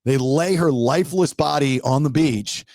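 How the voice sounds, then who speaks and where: A man's voice: on the high side, normal speed, no room sound, clean studio sound. A middle-aged man co-hosting a podcast, telling a story in casual chat and acting out what people said. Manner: animated storyteller who acts out what people said. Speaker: podcast co-host.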